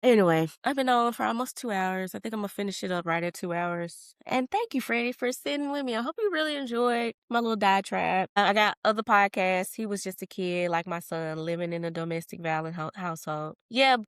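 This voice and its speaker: A woman's voice: mid-range voice, a little fast, hardly any pauses, smooth, no echo, studio quality. A woman hosting a podcast in casual solo talk, answering comments in a heated, blunt and profane way with emphatic outbursts. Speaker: podcast host.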